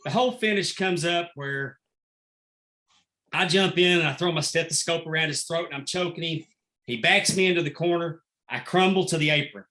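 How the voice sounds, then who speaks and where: Bright-voiced man telling wrestling stories. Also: on the high side. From Texas. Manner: animated anecdotal storyteller, acts out quotes. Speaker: wrestling referee guest. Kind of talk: casual storytelling interview.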